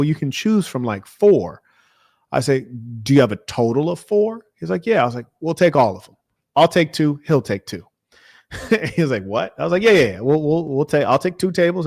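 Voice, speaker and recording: A man's voice: a little high, creaky, dry recording, studio quality. An American man telling a story and ranting on a stream, mocking and acting out the dialogue. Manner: animated, mocking, acts out dialogue. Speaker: livestream host. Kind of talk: casual storytelling rant.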